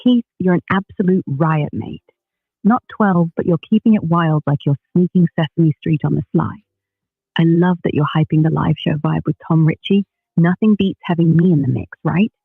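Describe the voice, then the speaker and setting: A man's voice: on the high side, creaky, husky, no room sound, phone-quality sound. A synthetic male voice with a Northern English accent, an AI co-host bantering in a cheeky, chummy way. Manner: chummy, cheeky, calls people mate. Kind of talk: casual banter.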